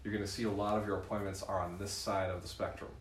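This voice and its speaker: Animated man teaching a room. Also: low voice, fast, roomy sound, slight background noise. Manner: lively, laughing, often tags with "right?". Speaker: real estate mentor. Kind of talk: live seminar teaching. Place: room with a live audience.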